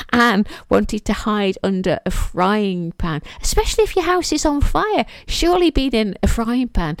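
Woman, solo podcast chat, lively up-and-down voice, gravelly texture, dry close sound. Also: a little high, unhurried, no room sound. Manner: chatty and self-mocking, laughs at herself. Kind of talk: casual solo monologue.

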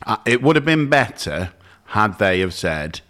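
Blunt, lively man with a low voice. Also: unhurried. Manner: blunt, opinionated banter. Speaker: podcast co-host. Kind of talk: casual chat.

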